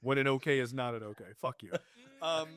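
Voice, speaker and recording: A man's voice: mid-range voice, brisk, fairly bright tone. A man co-hosting a podcast, chatting casually about a film, joking and cursing, rambling with many restarts. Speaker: podcast co-host reviewing a film. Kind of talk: casual film review chat.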